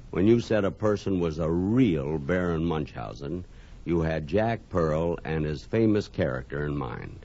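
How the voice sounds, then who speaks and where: A man's voice: rumbling low, expressive, unhurried, mellow, highs cut off. A man narrating a scripted look back at old-time radio.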